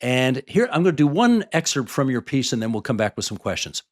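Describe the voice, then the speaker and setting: Male podcast host, measured and questioning, mid-range voice. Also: medium pitch, very animated. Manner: measured, questioning, with occasional fillers. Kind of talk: conversational podcast interview.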